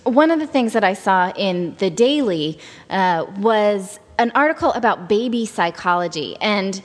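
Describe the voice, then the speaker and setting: A woman's voice: medium pitch, expressive, a little slow, in a large hall. A woman chatting casually on a parenting panel, rambling and searching for words as she talks. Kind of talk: casual chat.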